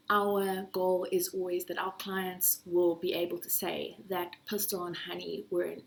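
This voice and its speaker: A young woman who runs a marketing agency, giving a lively business presentation and acting out sales pitches. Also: slight background noise.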